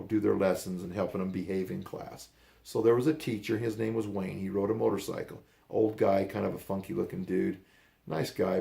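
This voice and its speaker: A man's voice: low-pitched, gravelly, warm tone. An older man casually telling a story in a rambling, blunt way, acting out what others said. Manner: rambling, blunt, acts out quoted voices.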